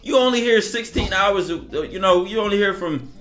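A man with a bright, fairly high voice holds forth in a loose livestream monologue. He talks with heavy emphasis and slips into quick acted-out exchanges. Faint music plays underneath. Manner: casual, emphatic, acts out dialogue. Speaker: streamer.

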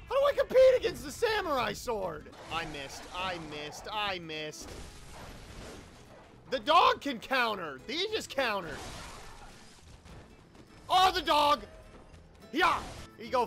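A man giving excitable, joking let's play commentary, often yelling and swearing at enemies. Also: very high-pitched, unhurried, soft background music. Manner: joking, sarcastic asides. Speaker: YouTube gamer.

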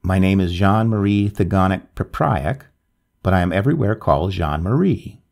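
A man voicing a dignified, pious Breton fisherman with a strong foreign accent in a storybook reading, speaking gravely. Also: deep voice, lively intonation, moderate pace, a little mellow.

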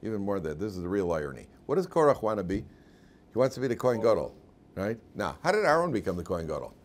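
A man teaching a lively Torah class as a rabbi, telling stories animatedly and laughing often in front of his students. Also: fairly low pitch, quick pace. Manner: animated, acts out quotes in put-on voices, laughs often.

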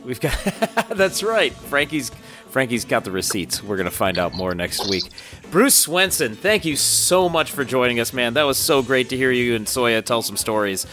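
A man's voice: mid-range voice, sing-song, normal speed, sharp tone, soft background music. A man hosting a podcast, wrapping up with a playful sign-off. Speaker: podcast host. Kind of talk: podcast outro.

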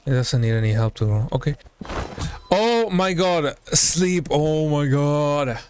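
A young man streaming a survival game, commenting live, excitable, yelping and talking to the creatures on screen. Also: a little high, takes it slowly, slight background noise. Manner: excitable, yelps and talks to the game. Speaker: gaming streamer.

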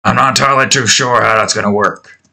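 Bright-voiced man rambling while drawing. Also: on the low side, fairly even intonation, quick pace, gravelly. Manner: rambling, self-deprecating, restarting. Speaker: art channel host. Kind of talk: casual chat while drawing.

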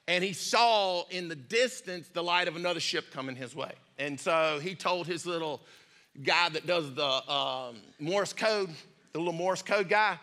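High, bright-voiced folksy male preacher. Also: measured pace. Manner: folksy, repetitive, conversational preaching. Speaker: pastor. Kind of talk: sermon with storytelling.

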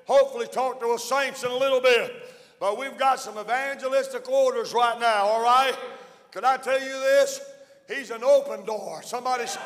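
A Southern American pastor preaching with a very high, strained voice, hammering home repeated lines with drawn-out "uh" fillers. He shouts through a long, ringing church hall reverb. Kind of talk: fiery evangelistic sermon. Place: church sanctuary.

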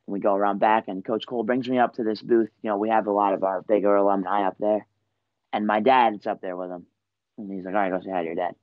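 Young male athlete guest, lowish voice, casual rambling storyteller, dry muffled podcast sound. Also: no echo. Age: 20s. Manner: loose, rambling, lots of "you know" and "like". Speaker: guest, college wrestler.

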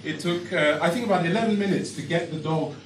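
A man telling a comic story on stage with animated, exaggerated delivery. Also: a little high, fast talker. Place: storytelling stage before a live audience. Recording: echoey hall from a far mic, audience noise.

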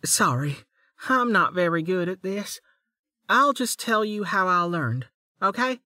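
A man voicing a hesitant young woman warrior who speaks softly and matter-of-factly in an audiobook. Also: lowish voice, lively intonation, a little slow, dry recording, clean studio sound.

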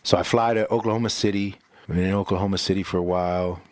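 Deep-voiced pastor telling his story. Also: quick pace, no room sound. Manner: animated storyteller who acts out quotes, repeats words, says "bro" and "right?". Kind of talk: casual storytelling interview.

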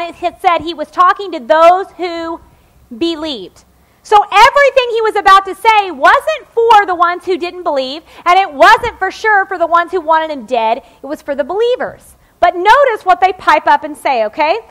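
A woman's voice: very high-pitched, animated, moderate pace, a bit bright. A woman in her forties preaching a sermon in a chatty, joking way, often checking in with the congregation. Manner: conversational and joking, checks in with "okay?".

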